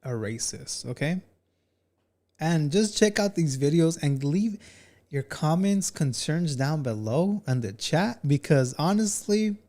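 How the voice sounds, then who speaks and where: Man, commentary host, casual reaction talk, animated, slangy. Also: mid-range voice. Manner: animated, talks to chat, says "bro" often.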